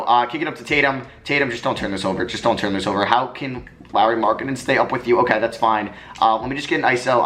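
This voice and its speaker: A young man giving live commentary while playing a basketball video game, swinging from muttering to excited yelling. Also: medium pitch. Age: young adult. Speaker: gaming commentator.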